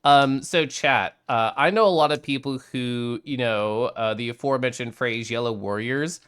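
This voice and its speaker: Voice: medium pitch, normal speed, fairly bright tone, smooth. A streamer chatting casually on a live stream, reading out viewer messages, greeting viewers and laughing often.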